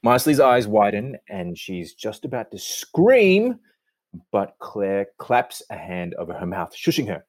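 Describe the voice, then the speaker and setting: A man's voice: on the low side, sing-song, a little slow, no room sound. A man hosting a chat, teasing the others dryly and narrating scene directions. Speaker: host and narrator.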